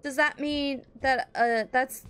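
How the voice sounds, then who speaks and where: A young woman with a high, swooping voice plays a horror game on camera, easily startled and gasping. She talks things through slowly, to herself and to her viewers. Faint background noise sits under her voice. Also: steady tone, a bit bright. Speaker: gaming YouTuber. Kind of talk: horror game let's play commentary.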